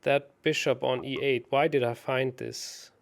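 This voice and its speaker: A man talks slowly through a chess puzzle, thinking aloud and often stopping to correct himself. His voice has a gravelly, creaky edge. He pokes fun at his own mistakes. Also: medium pitch, fairly even intonation. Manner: thinks aloud, hesitant, self-mocking. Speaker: chess co-host solving puzzles. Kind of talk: casual puzzle-solving chat.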